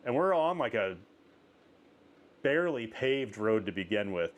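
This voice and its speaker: A man hosting a casual interview, telling a travel story with lots of "like" fillers and rising excitement. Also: lowish voice, measured pace. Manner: animated storyteller, many "like" fillers. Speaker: podcast host.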